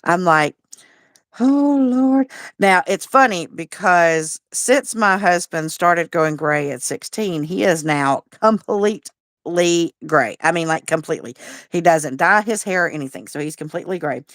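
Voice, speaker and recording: Lady in her 40s rambling on a livestream, lowish voice, dry close sound. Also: moderate pace, a bit bright, dry recording. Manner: rambling and chatty, with frequent restarts and a drawl. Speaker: livestream host. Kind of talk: casual chat, reading viewer comments.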